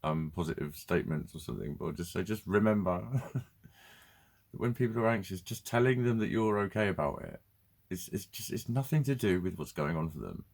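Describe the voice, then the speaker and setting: A man's voice: low-pitched, expressive, a little fast, vocal fry, darkish tone. A man ranting bluntly and swearing in a casual vlog. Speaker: vlogger. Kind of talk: casual ranting monologue to camera.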